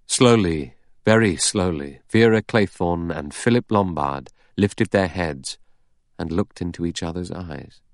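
Man narrating an audiobook, very deep voice, dry close sound, measured dramatic reading. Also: no echo. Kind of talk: scripted narration.

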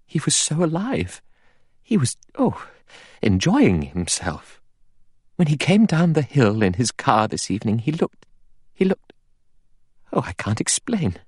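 A man voicing a shaken young woman who speaks softly and falters as she searches for words. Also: medium pitch, wildly swooping pitch, unhurried, pauses often, breathy edge, no room sound, studio quality, pitched above the performer's own voice, heavily acted. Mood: uneasy. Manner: hesitant, trailing off, soft.

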